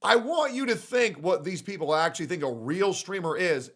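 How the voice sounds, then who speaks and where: A man streaming live, ranting loudly and profanely, swinging between shouts and low mutters. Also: lively intonation, moderate pace. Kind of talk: ranting casual chat.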